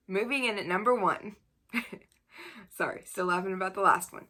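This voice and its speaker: A woman's voice: mid-range voice, lively intonation, moderate pace, pauses often, sharp tone. A woman reviewing books in a casual video, blunt and exasperated, often breaking into laughter. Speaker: book reviewer.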